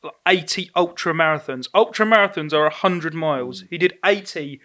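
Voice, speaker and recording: A man telling a story to friends on a podcast, animated and laughing through it. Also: a little high, moderate pace. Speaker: podcast co-host. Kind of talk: casual storytelling.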